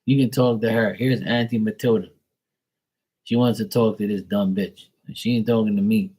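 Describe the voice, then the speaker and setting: A man's voice: fairly low pitch, fairly even intonation, normal speed, warm tone, husky, rough recording. A man, a tarot reader, telling stories casually on a live stream, blunt and profane.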